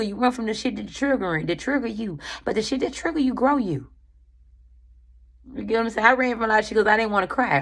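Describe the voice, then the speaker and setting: A woman talks straight to her viewers in an animated, slangy way, swearing freely and calling them friend. Her pitch sits in an ordinary middle range. She gives a casual motivational chat as a tarot reader.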